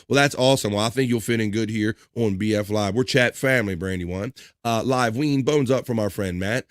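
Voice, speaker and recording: A man's voice: medium pitch, no room sound. A man hosting a live stream, reading viewer messages aloud in a casual way with crude jokes and chuckles.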